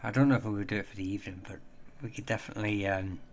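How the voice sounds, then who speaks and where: A man hosting a casual livestream and chatting with viewers in a rambling, halting way, with many fillers and restarts. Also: on the low side, fairly even intonation, a little hiss or hum. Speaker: livestream host.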